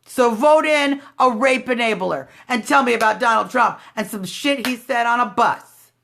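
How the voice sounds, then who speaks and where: A woman hosting a live phone stream, talking loudly in a confrontational, sarcastic political rant. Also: on the high side, normal speed, creaky. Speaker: livestream host. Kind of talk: combative political livestream rant. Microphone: phone livestream.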